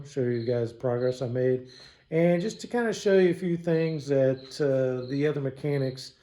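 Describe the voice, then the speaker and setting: A man's voice: medium pitch, dark tone. Brief: man, casual DIY mechanic vlogger, salty mouth, dry sarcasm, recorded in a home garage.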